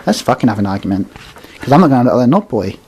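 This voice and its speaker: A man's voice: mid-range voice, sing-song, rapid-fire, darkish tone, breathy edge. A man ranting heatedly and swearing as he co-hosts a wrestling chat. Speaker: wrestling podcast co-host.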